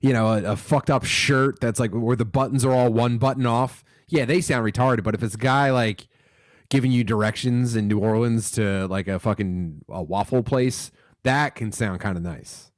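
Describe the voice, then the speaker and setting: A man's voice: mid-range voice, normal speed, dry recording, studio quality. A man from Philadelphia, a podcast guest, talking in loose rambling chat with lots of swearing and fillers.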